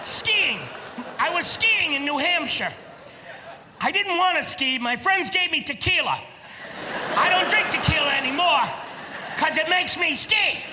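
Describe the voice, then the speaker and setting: A man doing a stand-up comedy routine, animated and shouting his punchlines. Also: very high voice, heavy background noise. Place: large theater stage before a live audience. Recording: live hall recording with loud crowd laughter. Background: audience laughter.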